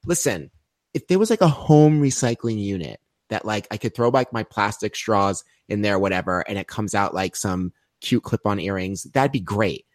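A man's voice: lowish voice, moderate pace, dry recording, clean studio sound. A man co-hosting a podcast in casual banter, playing up mock offense and jokes. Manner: theatrical, mock-offended, jokey. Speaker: podcast co-host.

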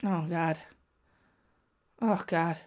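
A woman's voice: lowish voice, very slow. A woman, commenting on a wrestling match for her viewers, chatty and prone to gasps and outbursts. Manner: excitable, gasps and cries out at the action; chatty, talks straight to viewers. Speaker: wrestling watch-along streamer. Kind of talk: casual live reaction commentary.

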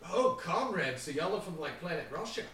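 A man's voice: a little high, expressive, fairly quick, fairly bright tone, far from the mic, slight background noise, voice pushed up. A man voicing a chatty, offbeat alien who rambles off on jokey tangents. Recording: very echoey room, voice off-mic.

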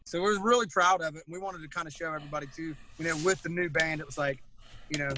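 A man's voice: fairly high pitch, steady tone, racing, noisy background. A man who sings in a band, telling stories in casual chat and laughing often. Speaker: singer in a band, guest.

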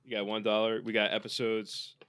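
A man's voice: fairly low pitch, completely flat delivery, a little fast, a bit bright, clear, resonant tone, no echo, studio quality. A man co-hosting a podcast in casual sports chat, rambling with lots of fillers and restarts. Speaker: podcast co-host.

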